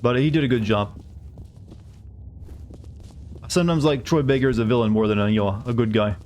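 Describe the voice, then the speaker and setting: Fast-talking male game streamer. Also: medium pitch, a little mellow, dull audio, slight background noise. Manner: chatty, rambling, many restarts. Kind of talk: casual gameplay commentary.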